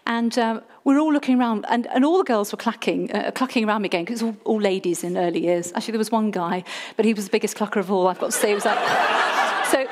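A woman telling a lively personal testimony story, self-mocking and acting out her own past pleas. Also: medium pitch, quick pace.

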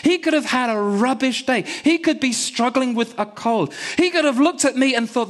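A man delivers a sermon in a fairly high voice. He tells a personal story and leans hard on repetition to drive each point home. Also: animated, moderate pace, few pauses. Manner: emphatic, repeats key words. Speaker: preacher.

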